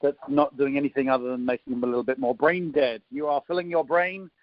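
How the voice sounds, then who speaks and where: A man in his fifties with an English accent hosts a conference call interview, chatty and teasing, with a jokey introduction and lots of ums. His medium-pitched voice stays fairly even and moves quickly over a dull, dry phone line.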